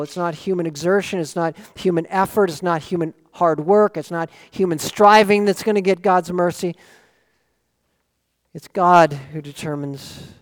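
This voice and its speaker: Earnest male pastor preaching in a hall. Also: a little high. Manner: earnest, lively, asks rhetorical questions. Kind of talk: sermon. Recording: long reverb of a large hall.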